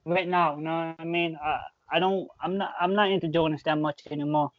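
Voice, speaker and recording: A man's voice: fairly high pitch, steady tone, fairly quick, no echo, dull audio. A man co-hosting a casual sneaker chat, emphatic and slangy. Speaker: co-host.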